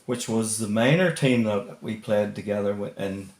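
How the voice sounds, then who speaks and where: Older man reminiscing softly. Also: fairly low pitch, normal speed, echoey room. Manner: reflective, soft-spoken reminiscing. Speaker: interviewee, former teammate.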